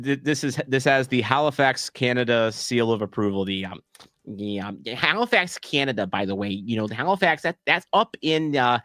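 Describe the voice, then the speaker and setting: A man's voice: medium pitch, fairly bright tone, no room sound. Rambling self-joking man on a dry mic. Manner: rambling, self-deprecating, many fillers and restarts. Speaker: streamer hosting a soccer watch-along. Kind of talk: casual live-stream chat reading comments.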